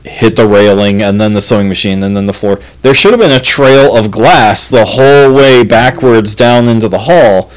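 A man's voice: on the low side, moderate pace, few pauses, low-quality recording. A man co-hosting a podcast, casually telling a story about events in his house with plenty of "like" and "yeah" fillers. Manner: relaxed, retelling with many "like" and "yeah" fillers. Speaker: podcast co-host.

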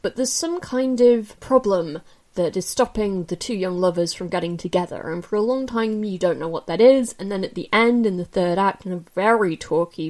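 A woman talks through her recent film viewing in a relaxed, candid way, with frequent fillers and self-corrections. Her pitch sits in a middle range but leaps upward when she gets opinionated. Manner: chatty and candid, many fillers and restarts. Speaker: film reviewer. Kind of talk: casual spoken film review.

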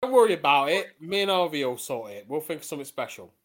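A man's voice: a little high, very animated, fast talker, a bit bright. A man co-hosting a comedy podcast, bickering and exasperated. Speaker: podcast co-host. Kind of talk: casual improv banter.

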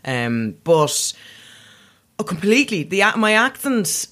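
A woman's voice: mid-range voice, big pitch swings, unhurried, fairly bright tone. A young woman comedian with a posh South Dublin accent, chatting casually and mocking herself. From Ireland. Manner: chatty, self-mocking, laughs often. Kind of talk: casual podcast chat.

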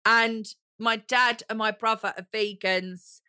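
A woman talks straight into a close mic, gushing and theatrical as she hosts her solo podcast. Her voice is bright and forceful, and the recording is dry. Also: fairly high pitch, steady tone, takes it slowly, smooth, no room sound. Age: 40s. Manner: gushing, theatrical, calls listeners honey. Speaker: podcast host. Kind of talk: chatty solo podcast monologue.

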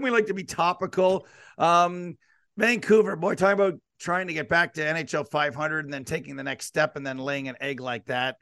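A man hosting a hockey podcast, talking casually and tossing out pointed questions with animated asides. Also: fairly high pitch, gravelly, no echo, clean studio sound. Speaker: podcast host. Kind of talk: casual sports talk.

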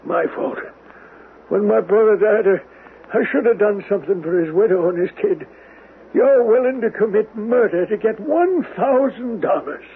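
A gravelly, remorseful uncle. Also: male voice, high-pitched, moderate pace. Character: stern but remorseful uncle, middle-aged man. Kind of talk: 1970s radio drama acting. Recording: tinny old radio broadcast with faint hiss.

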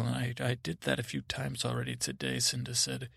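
A man hosting a sleep podcast, telling a meandering improvised bedtime story full of restarts and fillers, now and then slipping into soft voices for the people in it. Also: mid-range voice, little pitch movement, brisk, vocal fry, hardly any pauses, no room sound, clean studio sound.

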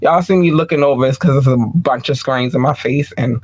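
A man hosting his own podcast in a casual, playful chat, giving chatty shout-outs and laughing now and then. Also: medium pitch, fairly quick, no echo. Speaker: podcast host.

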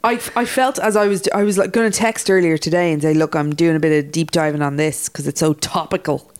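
A woman co-hosts a podcast in a lowish voice. She talks casually and emphatically and swears now and then. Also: steady tone, brisk. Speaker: podcast co-host. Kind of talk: casual chat.

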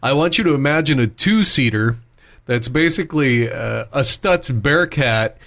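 Male co-host, lively swooping delivery, bright tone, jokey. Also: mid-range voice, moderate pace, creaky. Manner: lively, exclaims and jokes along. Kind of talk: casual chat.

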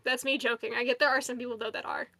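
Bright high-voiced swearing woman podcaster. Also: fairly even intonation, rapid-fire, gravelly. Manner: loud, swears freely, jokey. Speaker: podcast co-host. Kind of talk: casual chat.

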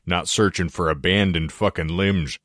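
A man co-hosting a casual podcast, slipping in deadpan punning jokes. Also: sits low, moderate pace, dry recording, clean studio sound. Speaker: podcast co-host.

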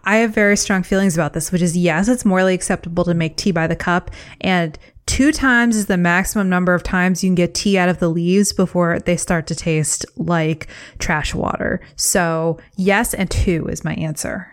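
A woman co-hosting a podcast, speaking in a measured, matter-of-fact way and reading listener questions. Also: fairly low pitch, steady tone. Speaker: podcast co-host.

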